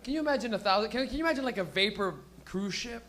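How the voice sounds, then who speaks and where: Giggly high-voiced stoned comedy host. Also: male voice, animated, rapid-fire, a bit bright. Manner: rambling, giggly, stoned banter. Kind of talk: stand-up crowd work. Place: small comedy stage with live audience.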